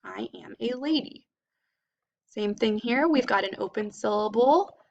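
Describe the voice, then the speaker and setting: Woman teacher, patient phonics lesson, a bit of fry in the voice. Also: fairly high pitch, expressive, muffled recording. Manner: slow, patient, sounding out words.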